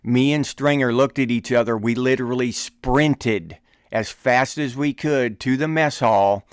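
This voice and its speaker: A middle-aged man hosting a podcast, telling an army story in a casual, animated way, often laughing and acting out shouted quotes. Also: medium pitch, a little slow, clean tone, no echo, clean studio sound. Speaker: podcast host.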